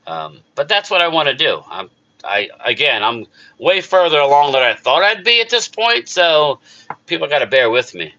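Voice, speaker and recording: A man's voice: on the high side, sing-song, moderate pace, pushed and bright, muffled recording. A middle-aged man with a South Jersey accent, hosting a casual live chat on his sports channel, rambling and emotional as he answers viewers. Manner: rambling, emotional, talks back to chat readers. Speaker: YouTube sports channel host.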